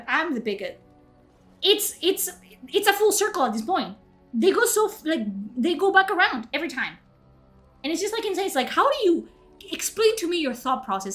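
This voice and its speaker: A young woman talks to her live chat in an indignant, swearing rant that keeps climbing into exasperated outbursts. Her voice sits a little high for a woman. Faint music plays under her voice. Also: fairly bright tone. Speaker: streamer.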